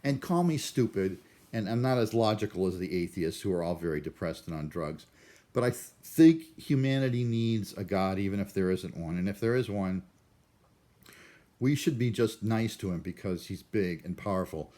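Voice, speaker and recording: A man with a lowish voice rambling through a vlog monologue, full of restarts. He talks in a self-deprecating, neurotic way, wandering from topic to topic. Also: expressive, moderate pace, dark tone. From Cleveland, USA. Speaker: vlogger.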